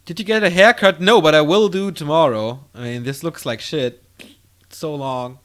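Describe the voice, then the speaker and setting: A man casting a strategy game on his own, calling the action in quick play-by-play and rambling casually to viewers between games. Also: a little high. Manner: excitable play-by-play, drifting into loose rambling asides between games. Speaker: esports caster. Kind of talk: solo game commentary with casual chat.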